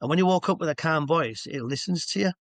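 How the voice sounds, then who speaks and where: Bloke in his 60s, hypnotherapist guest, rambly stories, bit high voice, dry sound. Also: fast, fairly bright tone, dry recording. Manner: chatty, rambling, stops to explain asides. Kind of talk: casual anecdotal storytelling. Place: at home with a dog nearby.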